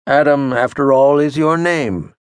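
A man's voice: medium pitch, a little slow, clean tone, no echo, natural voice. A man voicing an older male baker patriarch, jovial and boastful, in a hearty, sermonizing manner for an audiobook. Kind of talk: audiobook character voice. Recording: dry studio audio.

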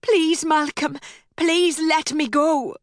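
A woman's voice: sits high, steady tone, slow, dry recording, clean studio sound, voice pushed up. A woman voicing a pleading young Scottish woman. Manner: pleading, tremulous.

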